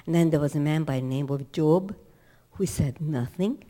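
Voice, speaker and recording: A woman's voice: low-pitched, moderate pace, warm tone. A woman teaching a Torah class, telling the story dramatically with emphatic rhetorical questions and acted-out quotes.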